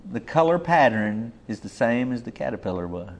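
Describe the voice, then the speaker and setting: A man preaching a sermon in a folksy, emphatic way, swinging between loud and hushed lines. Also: medium pitch, big pitch swings, a little fast, slight background noise.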